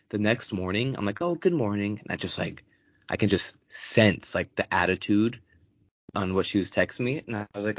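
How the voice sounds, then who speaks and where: Low-voiced young man telling a profane story. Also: brisk, no room sound. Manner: profane, animated, acts out quotes in raised voice. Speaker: podcast co-host. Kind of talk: casual storytelling chat. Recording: dull lo-fi dry recording.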